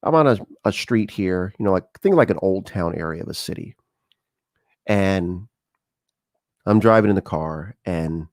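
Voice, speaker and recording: Pitched low and speaking at a measured pace, the middle-aged host pauses often while casually telling stories and performing the characters' lines. There's no room sound, and the audio is studio quality.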